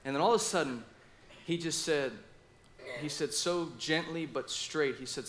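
A man preaching a sermon with passion, acting out his own inner dialogue and speaking with lively asides. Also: fairly high pitch, normal speed, slight background noise. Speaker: pastor.

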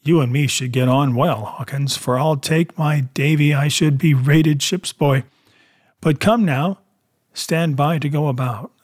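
A man's voice: fairly high pitch, a little slow, no room sound, studio quality. A man putting on a hearty old sea cook. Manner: hearty, salty sailor talk. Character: gruff jovial old male sea cook.

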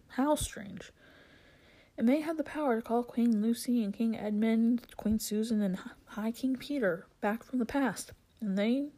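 Woman doing an old tutor guy, earnest, kinda hushed, soft mellow voice, storybook vibe. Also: mid-range voice, close to an everyday voice. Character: old male tutor, learned, urgent and protective.

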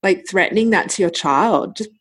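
A woman's voice: lowish voice, lively intonation, moderate pace, fairly bright tone, slightly rough. A woman, hosting a podcast and telling stories in a chatty way, laughing often. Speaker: podcast host. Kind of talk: casual chat.

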